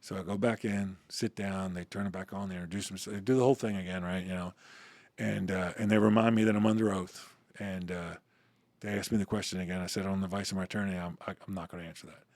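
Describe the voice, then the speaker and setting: Middle-aged male guest, low voice, lively storyteller who acts out the quotes, dry booth sound. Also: quick pace, no echo. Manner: animated storyteller, acts out quoted dialogue, casual cussing. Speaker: interview guest. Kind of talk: storytelling in a podcast interview.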